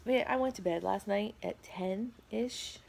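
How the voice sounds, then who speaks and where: A woman's voice: medium pitch, a little slow, vocal fry, a little mellow, slight background noise. A tired middle-aged woman vlogging from home, telling a rambling story with lots of fillers. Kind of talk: casual storytelling vlog.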